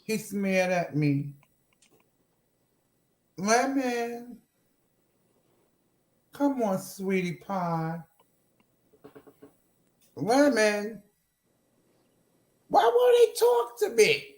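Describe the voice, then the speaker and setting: A man doing sassy flirt Natasha, high and slow. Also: huge pitch swings, a little mellow, reverberant, full character voice. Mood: coaxing. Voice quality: coaxing, teasing, sweet-talking. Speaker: show host. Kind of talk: casual avatar chat show.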